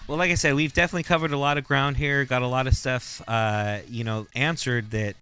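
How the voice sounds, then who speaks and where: A man hosting a podcast, asking long, relaxed questions full of fillers. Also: medium pitch, brisk, clear, resonant tone. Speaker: podcast host. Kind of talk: casual podcast interview.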